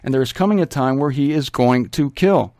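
A man's voice: mid-range voice, a little fast, mellow, no room sound, clean studio sound. A man giving a radio Bible teaching in an earnest, emphatic, pleading manner, at times repeating words.

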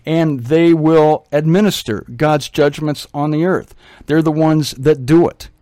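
A man's voice: a little high, steady tone, unhurried, dark tone, no room sound, studio quality. Earnest man teaching the Bible on radio. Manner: earnest, pleading, emphatic.

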